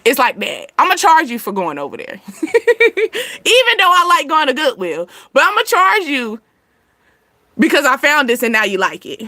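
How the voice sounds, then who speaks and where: Woman host, bright higher voice, dry close sound, chatty and blunt, laughs a lot. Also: wildly swooping pitch, normal speed, no echo. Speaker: channel host. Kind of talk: casual advice talk to viewers.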